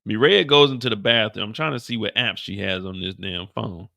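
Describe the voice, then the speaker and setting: A man hosting a live after-show, recapping an episode in a profane, animated storytelling way. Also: on the low side, brisk, vocal fry, dry recording, studio quality. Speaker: show host.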